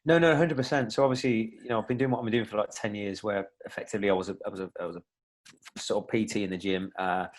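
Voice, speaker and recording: A young man, a podcast guest, chatting casually in a rambling way with many restarts and fillers. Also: lowish voice. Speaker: podcast guest, fitness coach.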